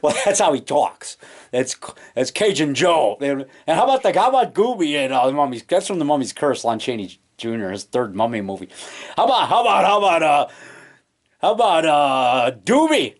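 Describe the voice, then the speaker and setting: A man rambling excitedly in a casual home vlog, full of restarts and trailing thoughts, recorded on a camcorder in his basement. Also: on the high side, normal speed. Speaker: low-budget monster moviemaker. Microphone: camcorder mic.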